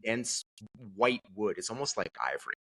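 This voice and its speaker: A man from Connecticut, a podcast guest, telling his story in an animated, conversational way. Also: on the low side, a little fast. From Connecticut, USA.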